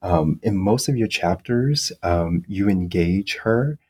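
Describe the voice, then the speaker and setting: A young man interviewing an author, speaking in a measured way with frequent filler pauses. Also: low voice, lively intonation, darkish tone, breathy edge. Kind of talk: interview questions and conversation.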